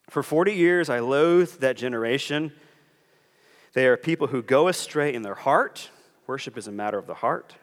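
A man's voice: a little high, fairly bright tone, big-room sound. A man preaching a sermon in earnest, walking through scripture and briefly acting out the voices of the people he quotes. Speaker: pastor.

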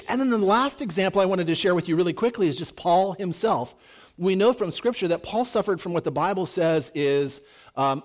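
A man's voice: sits high, a little mellow. A man preaching a sermon in a conversational, emphatic way, acting out quotes as he goes. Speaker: pastor.

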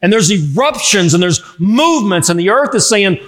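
A middle-aged man preaching a sermon in a lively, conversational way, joking with the congregation. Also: sits high, moderate pace. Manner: animated, conversational, jokes with the congregation. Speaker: pastor.

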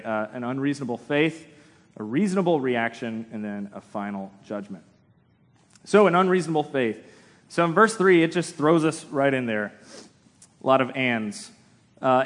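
Male preacher, mid-pitched, chatty and wry, with a long church-hall echo. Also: animated, normal speed. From United States. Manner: conversational, self-deprecating humor. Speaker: pastor. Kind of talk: sermon.

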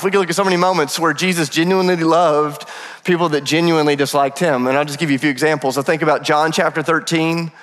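A man preaching a sermon as pastor, telling stories lively with humorous asides. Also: fairly high pitch. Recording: long reverb of a large hall.

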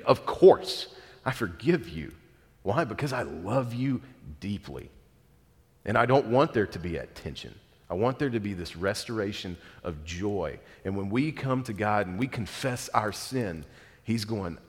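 A man's voice: lowish voice, expressive, moderate pace. A man in his thirties, a pastor preaching a sermon in a conversational, earnest way with self-deprecating asides. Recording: long reverb of a large hall.

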